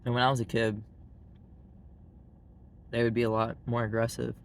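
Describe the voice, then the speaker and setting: A man's voice: mid-range voice, completely flat delivery, normal speed, vocal fry, slight background noise. A man with a Southern US accent, talking bluntly and casually to the camera and leaning on "like" as a filler. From Arkansas, US. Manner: blunt and frank, heavy use of "like" fillers. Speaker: vlogger.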